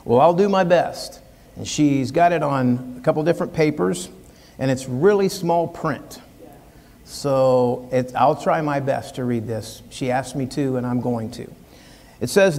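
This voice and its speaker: An American man preaching a sermon from the pulpit in an earnest, folksy manner, sometimes slowing into drawn-out, emphatic lines. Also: medium pitch, darkish tone. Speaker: pastor. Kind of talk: sermon with a read-aloud poem. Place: church sanctuary, speaking from the pulpit. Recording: long church reverb.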